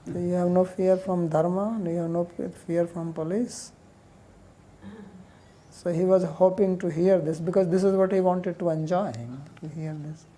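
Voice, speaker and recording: A woman teaching a lecture on a Sanskrit commentary, reading verses quickly and then explaining them in plain, conversational English. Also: fairly low pitch, little pitch movement, dark tone. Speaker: teacher of scripture.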